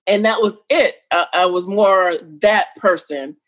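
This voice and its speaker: A middle-aged woman talking casually as an interview guest, animated and quick to act out what others said. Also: mid-range voice. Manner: animated, jumps between quoted voices and laughs.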